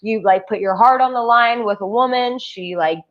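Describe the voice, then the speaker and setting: A woman's voice: a little high, moderate pace, lo-fi sound. Chatty woman dating coach, emphatic. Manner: chatty, emphatic, with many "like" fillers. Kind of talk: casual talking-head advice. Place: Bali.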